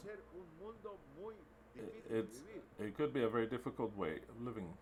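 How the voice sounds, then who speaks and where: A man's voice: mid-range voice, a bit bright. A man interpreting a sermon into English live, emphatic and repetitive, with blunt wording.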